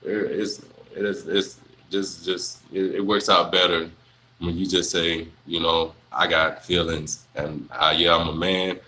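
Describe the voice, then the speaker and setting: A young man, chatting casually on a livestream, answering viewers in a relaxed, rambling way full of fillers. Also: low-pitched, a little slow, slight background noise, low-quality recording. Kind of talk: casual live Q&A chat.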